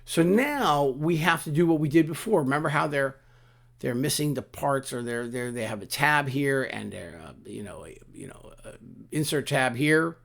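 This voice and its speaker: A man teaching a software tutorial, talking casually through each click with frequent restarts and asides. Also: mid-range voice, expressive, normal speed, vocal fry. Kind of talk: screen-recorded software walkthrough.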